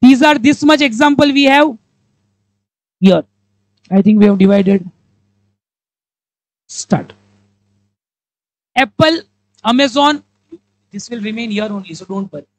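Teaching live with an Indian English accent, she rattles off questions to the class and hams up examples using character voices. The voice leans high and expressive, with no room sound and poor audio.

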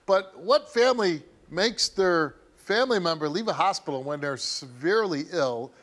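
A man's voice: fairly high pitch, expressive, moderate pace, fairly bright tone. A middle-aged man hosting a studio talk show, questioning a guest bluntly and with animation. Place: TV studio stage.

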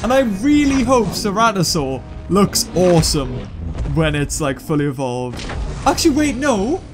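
A man commentates on his own game, thinking aloud and reacting with sudden excited yelps. His voice is high and lively, swinging widely in pitch. Steady game music plays underneath. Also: measured pace. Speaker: gaming YouTuber. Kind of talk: live gameplay commentary.

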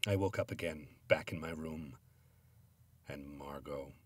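Deep, husky man reading a dark tale. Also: measured pace, no room sound. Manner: grave, theatrical first-person telling. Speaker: narrator. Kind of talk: dramatic story reading.

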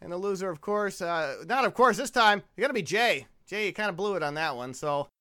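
A man hosting a comedy podcast, joking around, laughing loudly and calling out names. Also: high-pitched, lively intonation, fairly quick, smooth. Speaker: podcast host.

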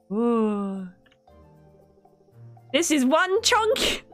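A woman commenting on her game stream in a high, sing-song voice that swoops all over the place. She laughs often and breaks into dramatic outbursts, but her talking pace is unhurried. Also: sing-song, a bit bright, soft background music. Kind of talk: casual live-stream gameplay commentary.

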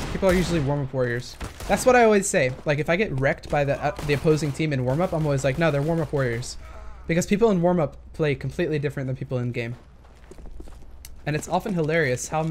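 A man's voice: fairly high pitch, a little hiss or hum. A young man casually commenting on gameplay footage, thinking aloud and hesitating with many fillers. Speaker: gaming commentator.

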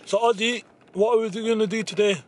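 A man's voice: sits high, steady tone, quick pace, a little hiss or hum. A young man hosting a casual vlog, teasing and swearing in banter with a friend outdoors by a car. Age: young adult. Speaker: vlogger host.

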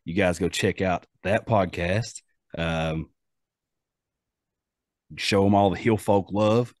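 A man's voice: sits low, slow pace, dry recording, clean studio sound. A man with an Appalachian accent hosting a podcast in casual, rambling chat full of fillers and restarts. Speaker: podcast host.

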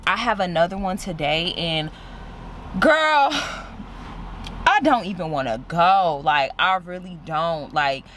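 Female vlogger, car interior, low-ish voice, animated gossip tone, post-op soreness, faint background noise. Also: takes it slowly. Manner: chatty, animated, calls viewers "y'all" and "girl". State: sore and recovering after surgery. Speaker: beauty vlogger. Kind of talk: casual vlog chat to camera. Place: inside a parked car.

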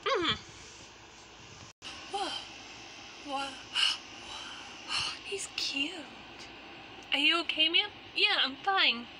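A woman voicing every character in a homemade fan play, excitable and switching from voice to voice. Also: extremely high pitch, extremely slow, long pauses, background noise.

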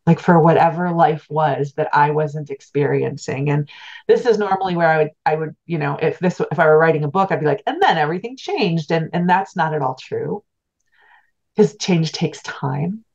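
A middle-aged woman with a notably low voice speaks as an interview guest. She recounts a personal story in an earnest, heartfelt and reflective way. The recording sounds somewhat muffled and lo-fi. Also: steady tone, normal speed, a little mellow. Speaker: guest, spiritual teacher.

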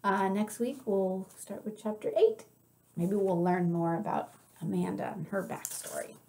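A woman reading a children's novel aloud in an expressive, friendly way. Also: mid-range voice, unhurried, slight background noise. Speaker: storybook reader.

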